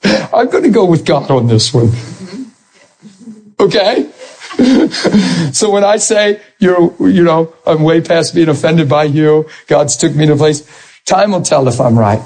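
A husky-voiced man preaches a sermon with a fairly high voice. He is animated, drops into soft asides and climbs to high, straining peaks. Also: unhurried, pauses often, low-quality recording. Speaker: pastor.

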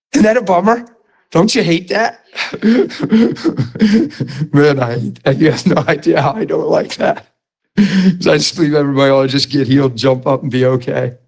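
A middle-aged man, preaching a sermon in a conversational, animated way, with asides to the congregation. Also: fairly high pitch, creaky, slightly rough. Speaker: pastor.

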